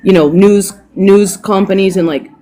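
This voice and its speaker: Middle-aged woman guest, animated, salty storyteller. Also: medium pitch, moderate pace. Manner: animated, profane, laughs often. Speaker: podcast guest, dog groomer. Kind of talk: casual storytelling.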